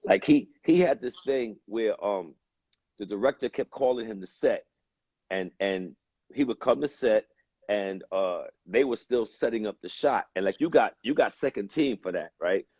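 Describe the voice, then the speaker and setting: Husky-voiced man telling stories. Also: lowish voice, animated, darkish tone, no echo, highs cut off. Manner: slow, reflective storyteller who acts out quoted voices and swears. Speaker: actor, guest. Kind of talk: casual chat.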